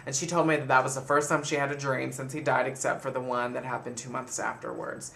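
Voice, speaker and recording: A man speaks with a gravelly edge and a bright, forward tone. He tells a personal story straight to the camera as a casual vlog, chatty and animated. His delivery is loose and conversational. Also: mid-range voice, fast, a little hiss or hum. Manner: chatty, animated retelling with frequent laughs. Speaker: vlogger.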